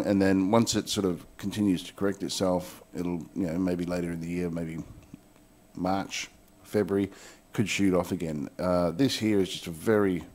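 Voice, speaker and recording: A man's voice: low voice, darkish tone. A man ranting heatedly and swearing bluntly about the crypto market, then walking through chart analysis in a video. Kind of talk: angry rant and chart commentary.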